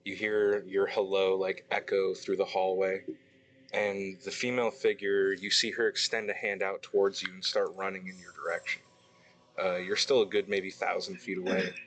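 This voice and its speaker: A man's voice: sits low, little pitch movement, normal speed, fairly bright tone, a little hiss or hum, low-quality recording. A man narrating a tabletop game as game master, hesitant and full of ums and restarts.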